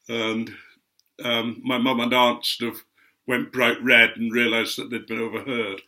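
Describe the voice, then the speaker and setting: Older guy spinning a rambling yarn, crisp bright tone, average pitch. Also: little pitch movement, moderate pace. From Otley, Yorkshire, England. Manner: chatty and meandering, with gentle asides. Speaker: guest speaker recounting memories. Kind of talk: anecdotal storytelling.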